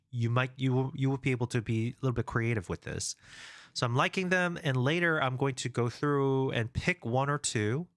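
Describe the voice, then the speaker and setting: A man's voice: medium pitch, a bit bright, no room sound, clean studio sound. A man chatting casually on a live stream, rambling with many fillers and restarts while reading viewers' comments aloud. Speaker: game developer streamer.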